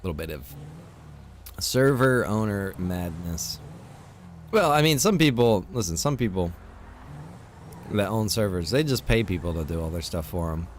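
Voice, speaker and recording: A man's voice: low-pitched, animated, normal speed, long pauses, a little hiss or hum. A man talking casually to his stream viewers, venting and swearing while he tells a frustrated story. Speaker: streamer and server owner.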